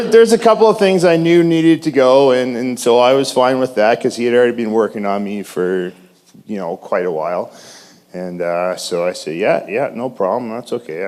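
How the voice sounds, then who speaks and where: A man giving a personal testimony in church, shy and halting, with many restarts and fillers. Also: mid-range voice, darkish tone. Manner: self-described shy. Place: church in front of congregation.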